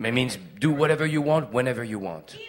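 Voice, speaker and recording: A man's voice: medium pitch, animated, quick pace. A man with a French accent, co-hosting a casual chat, teasing and laughing. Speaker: co-host.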